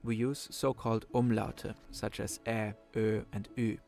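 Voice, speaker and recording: A man from Germany with a German accent, narrating a scripted explainer in a clear, measured way. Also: on the low side, little pitch movement, darkish tone, soft background music.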